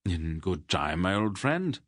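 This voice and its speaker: A man's voice: deep voice, sing-song, slow pace, a bit bright, dry recording, studio quality, exaggerated voice. A man reading the part of a genial older king who speaks with tolerant amusement. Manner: tolerant, paternal.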